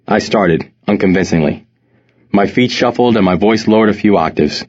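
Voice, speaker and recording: A middle-aged man from New York narrating his memoir in a measured, reflective way. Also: on the low side, lively intonation, breathy edge. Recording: slightly muffled recording.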